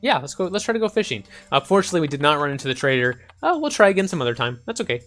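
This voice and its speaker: Lively man narrating a game. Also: on the high side, rapid-fire. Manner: chatty, reads game text aloud. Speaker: gaming channel host. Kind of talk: casual let's-play commentary. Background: faint game music.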